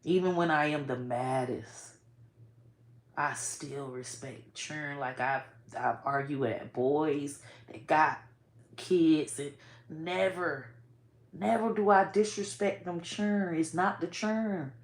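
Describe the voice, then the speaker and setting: In an echoey room, a woman speaks slowly to camera in a casual vlog, blunt and full of swearing, frequently using "bro" and "y'all." She swings from soft to loud as her emotions run high.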